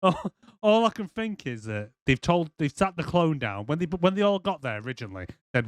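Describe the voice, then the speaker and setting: A man's voice: on the high side, very animated, brisk, no room sound. A young man co-hosting a casual movie review podcast, sweary and acting out scenes in silly voices. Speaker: podcast co-host.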